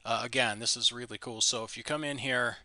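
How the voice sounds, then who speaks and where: A man presenting a screen-recorded software tutorial, explaining in an easygoing, plain way with small restarts. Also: medium pitch, steady tone, fairly quick, no echo.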